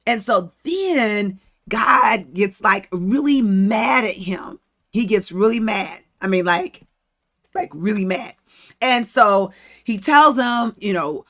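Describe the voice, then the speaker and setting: A woman's voice: mid-range voice, sing-song, takes it slowly, fairly bright tone. A woman hosting a podcast, teaching from the Bible in a casual, conversational way and acting out the story. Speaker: podcast host.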